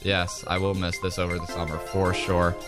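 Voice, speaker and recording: A man's voice: sits low, flat delivery, moderate pace, music in the background. A young man hosting a college radio sports show, chatting casually and rambling as he reads out odds and predictions. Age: young adult. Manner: rambling, easygoing, trails off mid-sentence.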